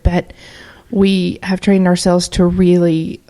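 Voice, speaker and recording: A woman's voice: fairly low pitch, little pitch movement, measured pace, hardly any pauses, dark tone. A woman co-hosting a paranormal radio show who tells a story in a chatty, rambling way with many fillers. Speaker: co-host. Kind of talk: casual podcast chat.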